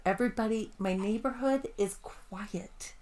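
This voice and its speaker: Excitable, foul-mouthed woman podcast co-host. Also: medium pitch, unhurried. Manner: excitable, swears freely, rambling storyteller. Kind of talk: casual chat.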